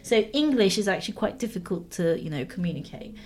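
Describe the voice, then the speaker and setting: A woman telling a lively travel anecdote to friends, often breaking into laughter. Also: mid-range voice, fairly quick. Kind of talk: storytelling anecdote.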